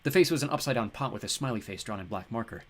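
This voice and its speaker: Wry male audiobook narrator, lively pitch, mid-range voice. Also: rapid-fire. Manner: wry, expressive. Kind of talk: first-person audiobook narration.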